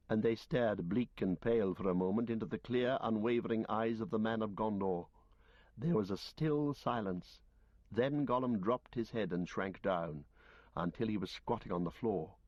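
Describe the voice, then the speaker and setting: Low-voiced man narrating an audiobook. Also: a little mellow, dry recording. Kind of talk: scripted narration. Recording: dull lo-fi recording.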